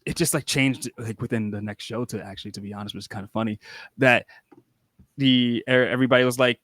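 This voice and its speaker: A man's voice: mid-range voice, steady tone, quick pace, a bit bright, no echo, clean studio sound. A young man, a wrestler guest on a podcast, telling rambling, casual stories full of restarts and acted-out quotes. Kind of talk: casual storytelling.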